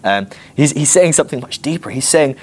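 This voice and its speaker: A man teaching a Bible class in a playful, animated way, acting out little scenes with humor. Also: medium pitch, brisk.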